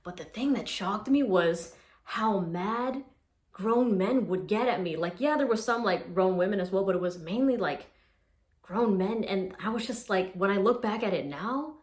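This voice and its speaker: A woman in her twenties telling stories in a casual vlog, chatty and animated, with lots of "like.". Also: medium pitch, normal speed, reverberant. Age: 20s. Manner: chatty, animated retelling with filler "like". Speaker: social media creator.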